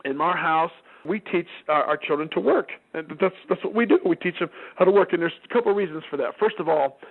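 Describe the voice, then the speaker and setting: Middle-aged man, parenting talk, acts out voices in his stories, a bit high-pitched, narrow tinny sound. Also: fast. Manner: lively storyteller who acts out quoted voices. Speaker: parenting speaker.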